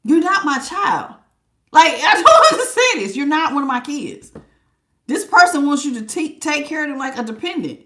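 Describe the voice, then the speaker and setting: A woman with gives a loose, joking tarot reading, full of slang and quick laughs. Her voice sits a little high and comes across bright and forceful. The room around her adds a clear echo. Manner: animated, laughing, slangy and blunt. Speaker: tarot reader. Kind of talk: casual spiritual reading.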